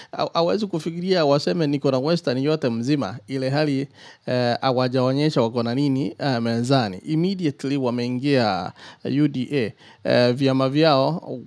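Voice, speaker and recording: A man giving deliberate political commentary over a remote call, switching between Swahili and English. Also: mid-range voice, darkish tone. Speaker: guest commentator.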